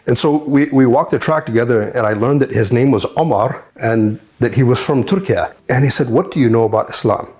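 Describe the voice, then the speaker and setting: A man's voice: mid-range voice, a little fast, hardly any pauses, darkish tone. A man from the United States telling his personal conversion testimony as a story, with fillers and acted-out lines from the people he meets.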